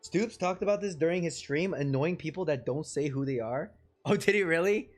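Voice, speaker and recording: A man's voice: fairly high pitch, expressive, fairly quick. A man streaming live, telling a rambling, self-deprecating story full of fillers and chuckles, with faint music behind him. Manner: chuckles often between phrases.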